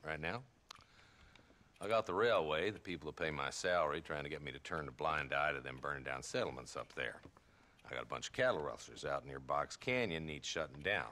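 An actor voicing a gruff, world-weary sheriff in a western video game, speaking in a dry drawl. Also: male voice, a bass voice, a little fast, bright, forceful tone. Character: weary, gruff old-west male lawman. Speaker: frontier sheriff.

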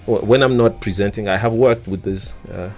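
Male radio host, chatty, stumbling delivery, slightly low voice, soft music underneath. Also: fairly quick. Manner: chatty, laughs easily, stumbles over words. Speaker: radio hip-hop show host. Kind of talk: radio interview. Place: radio studio.

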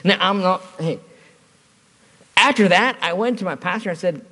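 A man's voice: sits high, normal speed, pauses often, bright, forceful tone, in a large hall. A man preaching a sermon at a church service, telling a personal story in a conversational way with touches of humor.

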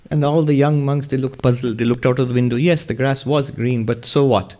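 Man as measured spiritual teacher. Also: mid-range voice, fairly even intonation, dark tone, slight background noise. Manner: measured, explanatory, laughs now and then. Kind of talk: spiritual Q&A lecture.

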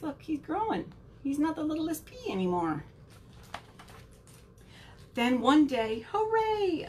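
A woman children's librarian reading a picture book aloud at home for a virtual storytime, with an animated, sing-song way of talking to kids. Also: a little high, a little hiss or hum.

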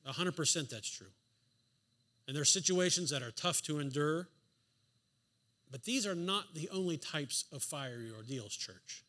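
A man's voice: on the high side, animated, moderate pace, pauses often, bright, forceful tone. A man preaching a sermon in a church, driving home his points with emphatic rhetorical questions and the odd dry sarcastic aside. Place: church sanctuary.

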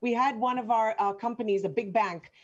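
A woman's voice: fairly high pitch, fairly quick, highs cut off. A woman moderating an online panel, asking questions in a friendly, encouraging way. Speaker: interviewer, session moderator.

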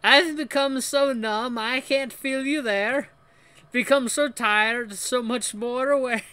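A man voicing a pompous, wolfish male speaker in a put-on fake French accent, with a slow, grandiose delivery. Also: very high voice, bright, forceful tone, clear, resonant tone, voice pushed up, full character voice. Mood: dramatic.

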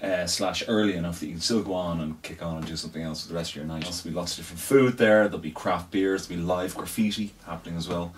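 A man's voice: low voice, steady tone, quick pace, few pauses, recorded from a distance, a little hiss or hum. A man, chatting casually as co-host about weekend events, swearing freely and trailing off with fillers. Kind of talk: casual chat.

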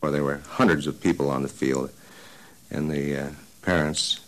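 Very deep hesitant man, flat-toned. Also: moderate pace, low-quality recording. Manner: hesitant, filler-heavy. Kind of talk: interview testimony.

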